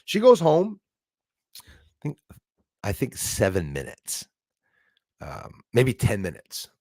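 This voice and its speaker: A man hosting a live stream, telling a story in a casual, animated way full of fillers. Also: mid-range voice, takes it slowly, no room sound, studio quality. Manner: animated, acts out quoted voices, frequent fillers.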